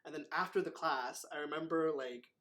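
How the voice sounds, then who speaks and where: A man with a slightly raised voice hosts a relaxed chat as a martial arts instructor. He rambles through his stories, leaning on fillers and acting out what others said. His tone stays easygoing and conversational. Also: a little high, moderate pace. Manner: rambling, filler-heavy retelling with acted quotes. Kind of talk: casual storytelling chat.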